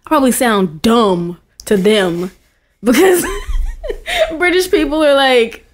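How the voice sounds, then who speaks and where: A woman's voice: sits high, sing-song, slow pace, noisy background. A woman in her twenties, a podcast guest chatting casually and laughing often. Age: 20s. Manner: giggly, lots of "like" fillers.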